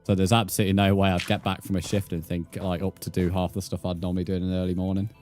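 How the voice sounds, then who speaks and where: A man's voice: deep voice, flat delivery, rapid-fire, darkish tone, faint music behind. A British man chatting casually while livestreaming a game, swearing freely and muttering counts under his breath. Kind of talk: casual gaming livestream chat.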